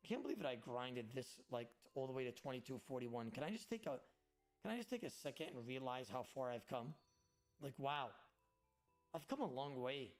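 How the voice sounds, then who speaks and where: Animated, swearing man streaming to chat. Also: on the high side. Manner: animated, swears freely, addresses chat directly. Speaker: game streamer. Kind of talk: casual livestream chat while gaming.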